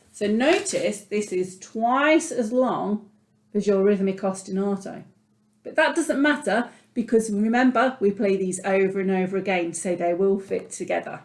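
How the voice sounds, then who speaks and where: A woman's voice: medium pitch, measured pace, darkish tone. A woman music teacher guiding children patiently through an online lesson, talking them through her drawing as she goes. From England. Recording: echoey room.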